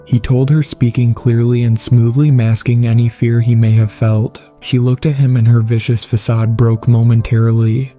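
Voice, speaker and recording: Dude reading a creepy horror story, super dark mellow voice, faint music behind. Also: male voice, medium pitch, little pitch movement, normal speed, hardly any pauses. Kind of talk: scripted horror narration.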